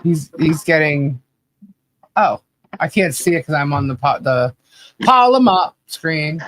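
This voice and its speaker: A man's voice: a little high, steady tone, measured pace, slight background noise. A man co-hosting a casual livestream podcast, laughing often and reading the chat aloud with playful chanting. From not from Australia. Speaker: podcast co-host.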